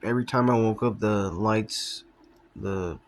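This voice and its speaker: A man's voice: on the low side, measured pace, slight background noise. A young man rambling in a casual vlog monologue, trailing off often, with plenty of fillers and swearing. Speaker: vlogger.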